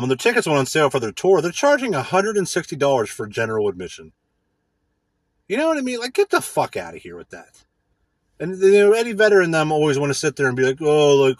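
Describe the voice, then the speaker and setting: A man's voice: on the high side, no room sound. A man in a casual monologue as a podcast host, ranting with heavy profanity and mocking impressions.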